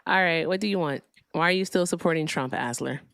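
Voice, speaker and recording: A woman's voice: sits low, a little fast, a bit bright, no echo. A woman hosting a livestream debate, casual, blunt and profane, sounding tired.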